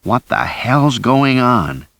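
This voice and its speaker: A man's voice: medium pitch, big pitch swings, slow, fairly bright tone, dry recording, pitched above the performer's own voice, exaggerated voice. A man doing an anxious man pressing for answers. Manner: pressing, worried questions.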